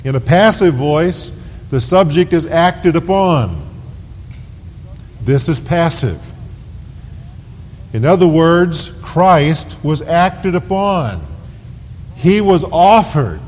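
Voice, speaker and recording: A man preaching a sermon as pastor, slow and deliberate, leaning hard on key words. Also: sing-song, a little mellow. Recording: 1990s sermon tape with long reverb and faint rumble.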